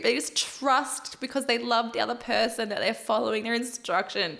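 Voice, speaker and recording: A woman's voice: a little high, moderate pace, creaky, few pauses, a bit bright. A woman with an Australian accent hosting a reality TV recap in casual chat, gushing, swearing freely and giggling often.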